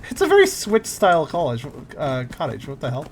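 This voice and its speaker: A man chatting casually with friends while playing a game, animated and guiding the group. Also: on the high side, fairly quick, a little hiss or hum. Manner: animated, laughs often, guides the group. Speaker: game player. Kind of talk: casual gaming chat.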